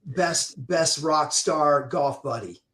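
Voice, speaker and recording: Podcast host: man with a slightly high voice, rambling questions, echoey room. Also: slow, a bit bright. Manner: rambling, searching for words. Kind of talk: casual interview questions. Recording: roomy echoey sound.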